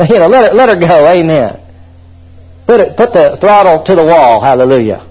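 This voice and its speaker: A fervent preacher with a high, husky voice drives his sermon, calling on the congregation to answer back. The recording is dull and lo-fi. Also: animated, fast.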